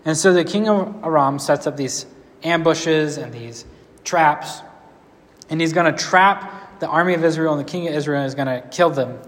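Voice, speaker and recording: A man preaching a casual storytelling sermon, conversational and relaxed, with playful asides. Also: a little high, moderate pace, big-room sound.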